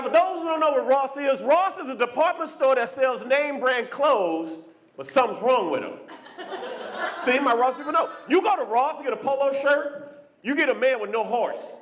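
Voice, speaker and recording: A man doing a stand-up comedy set on a club stage, animated and often jumping into shouted character voices. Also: extremely high pitch, noisy background. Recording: live club recording with crowd laughter. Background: audience laughter.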